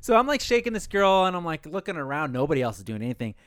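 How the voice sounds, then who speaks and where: A man telling stories in casual chat, swearing often and talking with animated energy. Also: fairly high pitch, rapid-fire, dry recording, clean studio sound. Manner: profane, animated storytelling.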